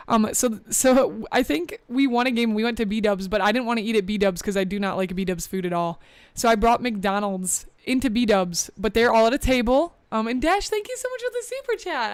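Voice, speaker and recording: Her mid-range voice is smooth and clear but slightly breathless as this young VTuber hosts her stream. Chatty and rambling, she reads the chat out loud and laughs a lot, recorded close and dry without room echo.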